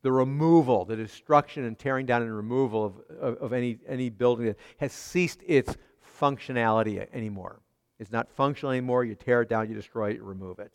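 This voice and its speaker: A man's voice: medium pitch, fairly quick, clean tone, big-room sound. A man preaching a sermon as pastor, emphatic, with rhetorical questions and repeated phrases.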